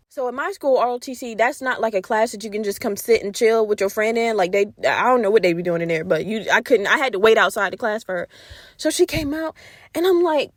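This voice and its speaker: High-voiced animated woman telling a story. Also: fast, no echo, studio quality. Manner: animated, profane, acts out her past reactions. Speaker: podcast host. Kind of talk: casual storytelling.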